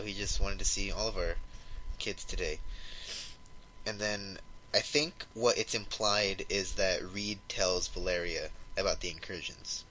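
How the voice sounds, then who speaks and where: A man's voice: deep voice, steady tone, normal speed, sharp tone, a little hiss or hum, rough recording. Man casually retelling a comic story. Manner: rambling retelling, acting out quotes with lots of "like". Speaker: podcast co-host.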